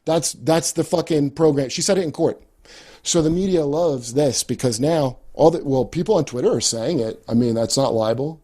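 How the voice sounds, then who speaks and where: A man's voice: a little high, normal speed, mellow. A man talking casually on a podcast, rambling and swearing as he laughs at his own jokes. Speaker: comedian guest.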